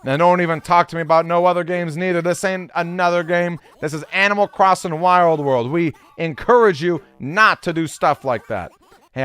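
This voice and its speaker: A man's voice: a little high, fairly bright tone, clear, resonant tone. A man voicing a short-tempered male mole with a put-on New York accent, lecturing in sarcastic tough-guy slang.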